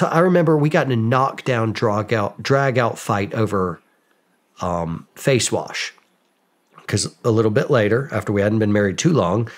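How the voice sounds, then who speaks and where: A man, a podcast guest, telling casual stories about himself in a lively, self-mocking way, acting out bits of dialogue. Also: fairly low pitch. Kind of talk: casual storytelling. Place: podcast studio.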